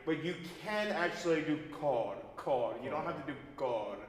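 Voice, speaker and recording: A man's voice: fairly high pitch, normal speed, a little hiss or hum. A man leading a singing master class, explaining diction and breath and singing short examples as he goes. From United States. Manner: lively, demonstrative, sings vocal examples mid-sentence. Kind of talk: coaching singers in a master class. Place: large recital hall. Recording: echoey hall recording from far off, faint piano.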